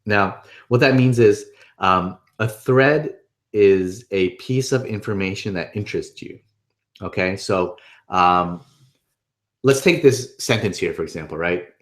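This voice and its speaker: A man presents a webinar in a casual, upbeat way, his voice fairly low and a little slow. His conversational delivery keeps checking in with the listener through a repeated "right?" as he gives informal instruction.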